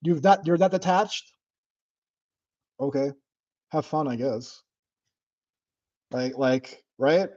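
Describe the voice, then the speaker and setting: A man hosting his own livestream, chatting casually with viewers in a blunt, profane and animated way. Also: fairly high pitch, slow, long pauses, muffled recording. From United States. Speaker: livestream host. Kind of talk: casual livestream chat reading comments.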